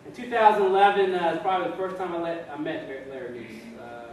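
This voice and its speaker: A man's voice: fairly high pitch, quick pace. A man, an officer, giving an informal retirement speech, telling stories with repeated words and frequent laughs. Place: ceremony room, speaking before an audience. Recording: echoey room, distant mic, background noise.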